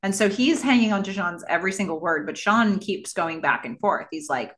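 A woman's voice: medium pitch, animated, fairly quick, fairly bright tone. A woman with an ordinary mid-range voice co-hosts a casual rewatch podcast. She mulls things over aloud and often restarts her sentences. The tone stays conversational throughout. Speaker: podcast co-host.

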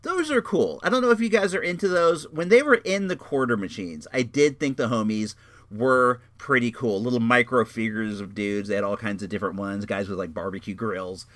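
A man's voice: mid-range voice, fairly quick, fairly bright tone, no room sound. A man hosting a podcast in casual chat, rambling along in a laid-back way and tossing in "dude.". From Northern California. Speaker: podcast host.

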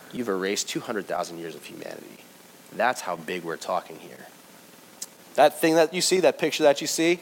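A man preaching a sermon to his congregation, lively and joking, talking straight to them. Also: on the high side. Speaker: pastor. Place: church service before a congregation.

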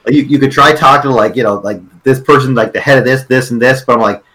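A man's voice: medium pitch, quick pace, sharp tone, slight background noise, low-quality recording. A man in his forties co-hosting a casual chat, telling a story in a rambling way full of filler words and jokes. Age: 40s. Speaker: podcast co-host.

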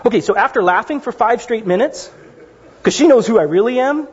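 Middle-aged male pastor, high husky voice, conversational sermon delivery; reverberant hall. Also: brisk. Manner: conversational, animated storytelling with asides. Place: church sanctuary. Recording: dull lo-fi sound in a reverberant hall.

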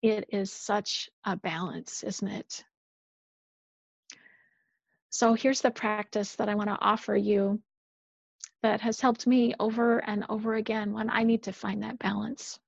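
A woman minister giving a measured, earnest sermon, dropping softer on key phrases. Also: mid-range voice, little pitch movement, vocal fry, no room sound, dull audio.

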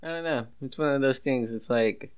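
A man's voice: mid-range voice, moderate pace, clean tone. A man in crude casual banter who hesitates often, leans on fillers, and giggles at himself.

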